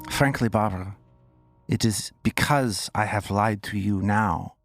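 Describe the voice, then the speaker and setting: A man's voice: lowish voice, unhurried, faint music behind. A man voicing an accented woman cultist. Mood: earnest. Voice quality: thick, precise put-on accent. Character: anxious young woman cultist, former liar.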